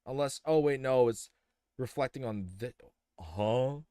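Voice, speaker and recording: A man's voice: mid-range voice, a little slow, mellow, smooth, no echo, clean studio sound. A young man casually thinking aloud as he streams a building game, rambling with many fillers and restarts. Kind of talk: casual live-stream commentary while building.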